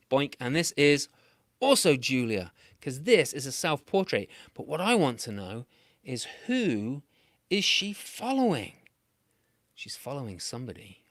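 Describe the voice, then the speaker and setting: A man's voice: no echo, clean studio sound. Playful British male storyteller. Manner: playful, animated, with big swings in pitch and loudness. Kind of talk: improvised children's storytelling.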